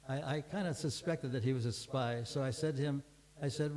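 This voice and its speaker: A man's voice: mid-range voice, moderate pace, warm tone, slight background noise, poor audio. An older man giving a scripture class, telling a long story in a rambling way with many restarts and fillers.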